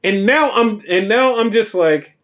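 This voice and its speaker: Animated, foul-mouthed man recapping wrestling. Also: sits high, a little slow. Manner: profane, rambling, animated storytelling. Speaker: podcast host recapping wrestling shows. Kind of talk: casual chat.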